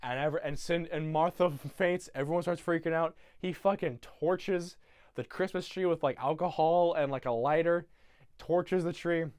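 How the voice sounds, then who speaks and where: A man's voice: a little high, moderate pace, a little mellow, clear, resonant tone, dry recording, studio quality. A young man casually retelling a film from memory, rambling with many fillers and swearing. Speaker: YouTuber.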